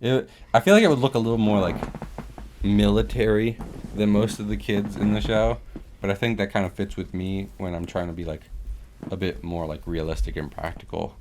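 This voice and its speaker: A man's voice: on the low side, fairly even intonation, fairly quick, darkish tone, a little hiss or hum. A young man co-hosting a podcast, rambling and joking in casual chat. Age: young adult. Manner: rambling, joking, puts on mock English accents. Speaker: podcast co-host.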